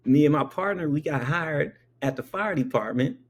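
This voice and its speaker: A man's voice: fairly high pitch, lively intonation, moderate pace, slightly rough, pitched above the performer's own voice. A man voicing a friendly male paramedic coworker, easygoing and reassuring, in a casual tone.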